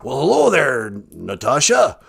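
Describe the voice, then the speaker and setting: A man's voice: medium pitch, wildly swooping pitch, unhurried, creaky, husky, exaggerated voice. A man voicing a goofy male talking dog who calls in to a podcast, with a folksy, jokey delivery. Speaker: caller. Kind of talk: comedy call-in sketch.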